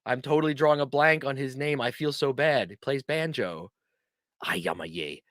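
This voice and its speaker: A man's voice: mid-range voice, a little fast, a bit bright, no echo, studio quality. A chatty male host who talks in a casual, rambling, self-deprecating way on a livestream.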